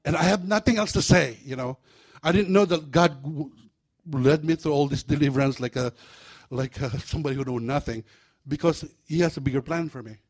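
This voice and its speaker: A man preaching a sermon in a church, animated and humorous, breaking into acted-out voices. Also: fairly high pitch, fairly quick, hardly any pauses. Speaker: pastor.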